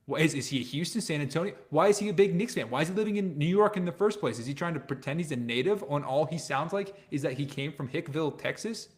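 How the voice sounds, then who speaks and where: A man appearing as a guest on a laid-back sports podcast gives blunt, opinionated takes, his points often fading off quietly at the end. His voice is slightly high and animated, and he talks quickly with few pauses.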